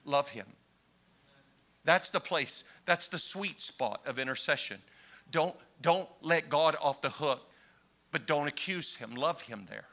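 A man preaching a sermon to his congregation, swinging between hushed, slow lines and impassioned cries. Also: a little high, lively intonation.

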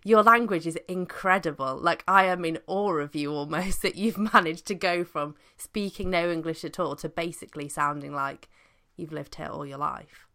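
A woman's voice: fairly low pitch, moderate pace, sharp tone. A woman hosting a podcast interview, asking questions and reacting effusively. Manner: effusive and encouraging. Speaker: podcast host.

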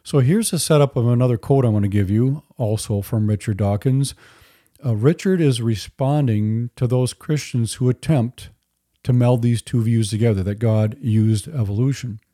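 A man talks through a solo faith podcast in an earnest, conversational way, dropping dry little asides. His voice is very dark and mellow at a middling pitch. The recording is dry and close. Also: moderate pace, no echo. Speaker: podcast host. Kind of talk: solo Christian apologetics podcast.

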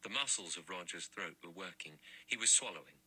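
A man reading a mystery audiobook in measured, even narration. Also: low-pitched, husky, poor audio. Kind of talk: scripted narration.

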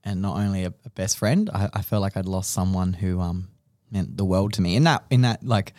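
Young australian man, podcast co-host, rambling and emotional, lowish voice, dry close sound. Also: fairly even intonation, fairly quick, darkish tone, no echo. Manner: rambling, emotional storytelling with many restarts. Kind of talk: casual podcast chat.

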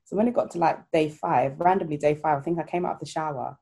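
A woman's voice: low voice, fast, warm tone, slightly rough. A woman and new mother chatting casually, telling stories and acting out what people said. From Ghana. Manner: chatty, storytelling, acts out quoted voices. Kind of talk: casual chat.

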